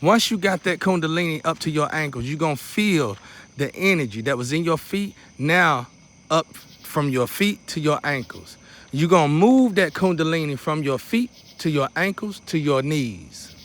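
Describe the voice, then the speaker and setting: A man's voice: a little high, expressive, normal speed, fairly bright tone. A man teaching a guided meditation in a loose, repetitive, casual way, dropping in preacherly asides. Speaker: spiritual teacher.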